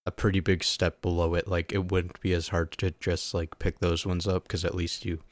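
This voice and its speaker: A man co-hosts a casual gaming podcast with a very deep voice. He speaks in a laid-back, blunt, joking way. The recording is dry and close. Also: flat delivery, moderate pace, no room sound. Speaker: podcast co-host. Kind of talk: casual chat.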